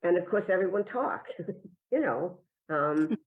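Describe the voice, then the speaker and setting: A woman's voice: fairly low pitch, animated, a little slow. A woman telling a meandering, self-deprecating personal story to a live audience. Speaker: improv performer telling a story. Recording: tinny, phone-like sound.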